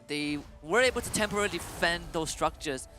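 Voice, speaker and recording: A man's voice: on the high side, lively intonation, fairly quick. Male esports caster over music. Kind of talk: live esports commentary.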